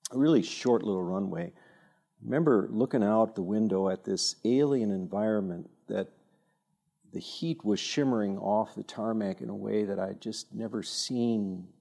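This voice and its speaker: A man giving an informal talk at a church evening, telling stories with self-deprecating humor and frequent halting restarts. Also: lowish voice, creaky, darkish tone. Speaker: speaker at a church teaching evening.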